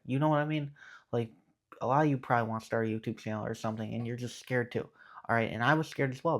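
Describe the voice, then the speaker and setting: A young man giving a casual, earnest faith talk to his viewers, often checking in with "okay". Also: medium pitch. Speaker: Christian YouTuber.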